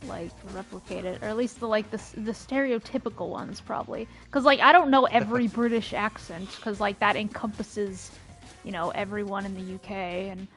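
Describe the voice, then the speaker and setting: A woman's voice: medium pitch, fairly quick, a bit bright, faint music behind. Playful woman rambling on stream. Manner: rambling, lots of "like" fillers, playful. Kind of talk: casual stream chat.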